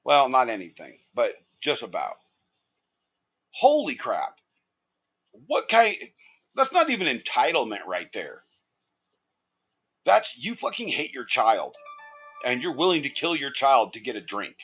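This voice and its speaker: A man's voice: mid-range voice, a little slow, long pauses, breathy edge. A man streaming a live reaction video, ranting angrily with lots of profanity. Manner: angry, profane, animated ranting.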